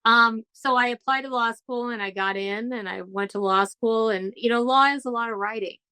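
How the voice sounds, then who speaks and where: A woman's voice: on the high side, fairly even intonation, moderate pace, pushed and bright, clear, resonant tone, no echo, low-quality recording. A woman born in the United Kingdom, a trial lawyer telling stories as a guest in a casual interview. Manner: chatty storyteller, acts out quoted voices.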